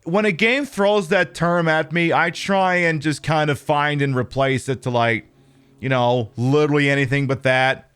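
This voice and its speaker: Man, game livestreamer, casual commentary, rambling and opinionated, somewhat high-pitched voice. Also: steady tone, normal speed, a bit bright, smooth. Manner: rambling, opinionated, full of fillers.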